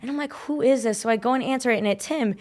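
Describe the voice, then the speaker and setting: A woman's voice: a little high, rapid-fire. Chatty young woman telling stories. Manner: chatty storytelling, frequent filler "like". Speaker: podcast host. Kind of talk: casual chat.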